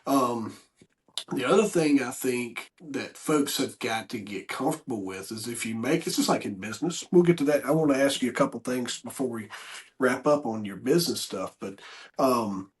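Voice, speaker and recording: A man's voice: mid-range voice, lively intonation, moderate pace. A man hosting a podcast, talking casually in a rambling, hesitant way with lots of ums. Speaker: podcast host. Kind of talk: casual interview chat.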